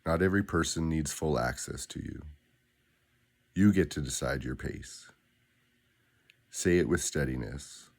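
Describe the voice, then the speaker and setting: Man, extremely low voice, unhurried affirmations, deliberate pauses. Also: gravelly. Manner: slow, deliberate, grounded delivery with pauses. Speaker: affirmation guide. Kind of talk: spoken affirmations.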